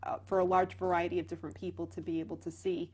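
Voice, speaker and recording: A woman actress and playwright, a guest on an interview show, telling lively stories with many restarts. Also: lowish voice, fast talker, husky. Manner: animated storyteller, many restarts. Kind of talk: casual interview chat.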